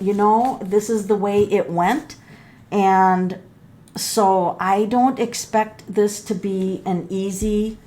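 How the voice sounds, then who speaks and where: Middle-aged woman tarot reader, chatty, exclaims at each card, mid-pitched voice. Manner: animated, exclaims and gasps at the cards, thinks aloud; talks straight to viewers as folks. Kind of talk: casual tarot reading to camera.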